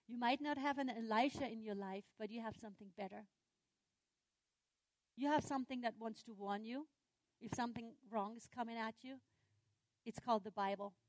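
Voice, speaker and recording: A woman preaching a sermon, retelling a scripture story with lively, dramatic swings in her voice. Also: fairly high pitch, no echo.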